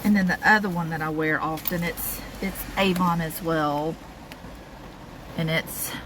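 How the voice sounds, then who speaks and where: A woman's voice: low voice, fairly even intonation, measured pace. A woman vlogger, talking casually and rambling to camera from a parked car. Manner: chatty, rambling, with fillers and small laughs. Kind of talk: casual vlog talk to camera. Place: parked car on a rainy day. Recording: noisy car interior with rain. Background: rain and car sounds.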